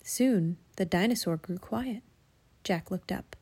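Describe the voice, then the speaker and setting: A woman at home reading a children's chapter book aloud, animated and raising her voice for the children's lines. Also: lowish voice, slow, slightly rough.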